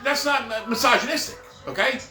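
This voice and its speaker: Here a middle-aged former Santa performer rambles through stories at a moderate pace, his voice very high, pushed, and bright. Filler words like "right?" and "whatever" and frequent digressions mark the relaxed monologue. There's a roomy echo and soft music in the background.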